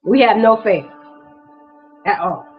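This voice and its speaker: A woman's voice: medium pitch, lively intonation, slow, breathy edge, dull audio, soft background music. A woman hosting her own vlog, ranting with raw emotion, profane and repetitive, while holding back tears. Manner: profane, repetitive, impassioned street-talk rant. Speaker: vlog host.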